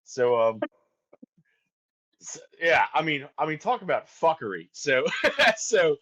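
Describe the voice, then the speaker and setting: A man's voice: a little high, big pitch swings, slow pace, bright, forceful tone, dull audio. A man, a band's singer, telling a story in a casual chat, profane and laughing as he goes. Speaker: band vocalist and guest.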